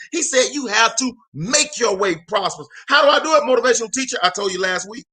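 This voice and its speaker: A man hosting a live motivational talk alone in a room, energetic and emphatic, repeating phrases and calling out to viewers like a preacher. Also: high-pitched, brisk, hardly any pauses. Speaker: motivational speaker and show host.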